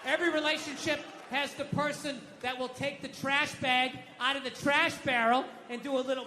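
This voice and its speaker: A middle-aged American man doing stand-up comedy, ranting loudly and profanely with mock outbursts. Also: very high-pitched, level tone, moderate pace, few pauses, background noise. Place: comedy stage. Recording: live venue with long reverb.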